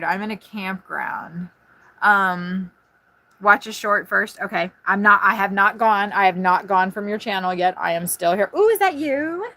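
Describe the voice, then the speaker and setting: A woman live-streaming from inside her RV on a phone propped on a tripod, chatting quickly and jumping from one thing to the next. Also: medium pitch. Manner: fast, scattered, excitable chatter. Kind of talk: casual live-stream chat. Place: inside an RV at a campground.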